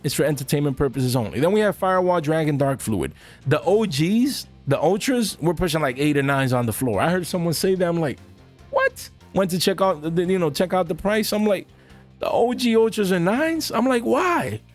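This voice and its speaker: A man giving casual, animated commentary on the card market to his viewers, full of slang and asides to "guys". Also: fairly high pitch, brisk, soft background music.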